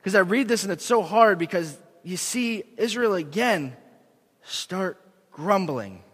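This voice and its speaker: A young man delivers a sermon from the front of a church, earnest and animated, at times laughing at himself. His voice sits high for a man. The big sanctuary wraps every word in a long, ringing reverb. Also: unhurried. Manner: earnest, animated, self-deprecating. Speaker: preacher. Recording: long echo of a large hall.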